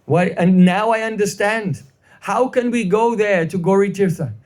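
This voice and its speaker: A man's voice: high voice, moderate pace, a little mellow, close to an everyday voice. A man voicing an anxious, loyal young woman in a devotional story, speaking in worried, pleading tones. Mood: distressed.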